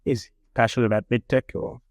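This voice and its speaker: A man hosting a podcast interview, asking brisk, upbeat questions. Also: mid-range voice, fairly even intonation, a little mellow. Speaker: podcast host.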